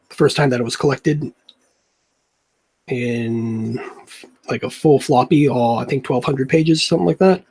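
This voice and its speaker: Laid-back young guy rambling while he sketches, kinda husky voice, medium pitch. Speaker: comic artist. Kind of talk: casual chat while drawing.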